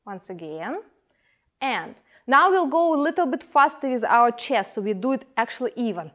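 A woman teaching a belly dance class, giving calm step-by-step coaching cues and counting the moves. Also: on the high side, normal speed. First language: Ukrainian. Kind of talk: guided dance class instruction.

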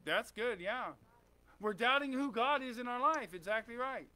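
A man's voice: very high voice, expressive, moderate pace, bright, forceful tone. A man preaching a conversational sermon in a church, often asking the congregation questions and saying "amen.". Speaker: pastor.

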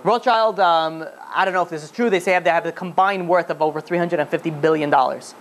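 A man's voice: on the high side, fairly quick, fairly bright tone, slight background noise. A man, a rabbi, telling a story in a lecture, with many restarts and fillers.

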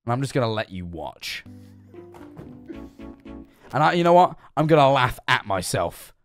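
A man's voice: medium pitch, sing-song, normal speed, faint music behind. A young man streaming, reacting to a video and rambling through explanations of his own jokes with plenty of swearing. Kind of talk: live-stream reaction commentary.

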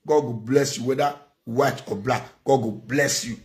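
A man's voice: medium pitch, moderate pace, hardly any pauses. Scolding man with a Nigerian accent. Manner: scolding, preachy, repeats phrases for emphasis. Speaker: commentator. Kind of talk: ranting vlog commentary.

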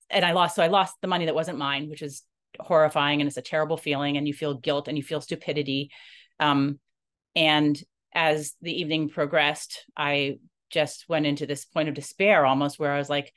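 A woman who runs a non-profit, telling a personal story in an earnest, halting way and acting out the dialogue she quotes. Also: sits low, flat delivery, a bit bright. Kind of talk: personal story told to camera.

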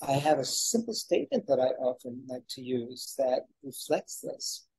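Male co-host, mellow husky tone, earnest and reflective in spiritual talk. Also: medium pitch, very animated, moderate pace, rough recording. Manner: reflective and earnest, gives aphorisms. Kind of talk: spiritual conversation.

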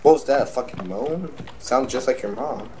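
A man's voice: medium pitch, animated, normal speed, darkish tone. A man on voice chat during an online shooter, mocking and cracking mom jokes. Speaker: teammate on voice chat. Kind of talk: casual gaming voice chat. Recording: noisy with gunfire in the game.

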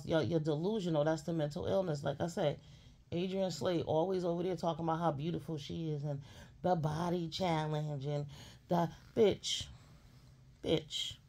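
Woman commentator, gravelly fry, blunt and scolding, profane rant. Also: sits low, a little mellow. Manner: blunt, scolding, sassy, heavy cursing. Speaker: commentary streamer.

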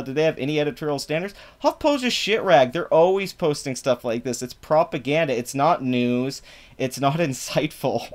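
Reacting to things posted online, this political commentary vlogger delivers a profane, mocking rant. His voice swings loudly up and down in pitch.

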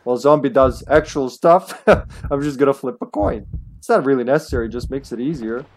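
A man live-streaming a video game, chatting casually, laughing often and greeting viewers loudly by name. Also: medium pitch, fairly quick, a little hiss or hum.

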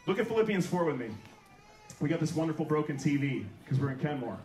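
A man's voice: a little high, very animated, fast, darkish tone. A man preaching a sermon with call-and-response, checking in with the congregation and asking for amens. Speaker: pastor. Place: church sanctuary. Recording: roomy church room, mic at a distance.

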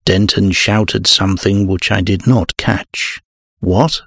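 Deep, slow male horror-audiobook narrator, husky and gravelly. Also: little pitch movement, a bit bright, dry recording, clean studio sound. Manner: measured, dramatic first-person telling.

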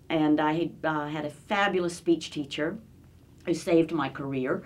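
A woman's voice: sits low, a little slow. A woman who works as a voice-over artist, talking in a casual interview and slipping into playful voices. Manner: lively, shifting into playful voices.

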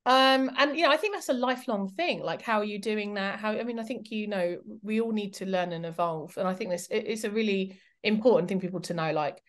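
Woman, interview guest, chatty and candid, self-deprecating, lots of "like" and "you know". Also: medium pitch. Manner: candid, animated and self-mocking, with lots of fillers. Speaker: guest historian and documentary presenter. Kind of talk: casual interview chat.

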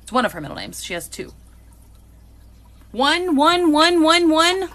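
A woman hosting a live unboxing, chatting excitedly and greeting viewers by name. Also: high voice, unhurried. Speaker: live-stream host.

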